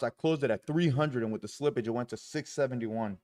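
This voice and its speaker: A man's voice: mid-range voice, fairly quick, few pauses, darkish tone. A man live-streaming his day trading, talking through his trades with heavy swearing and frustrated outbursts.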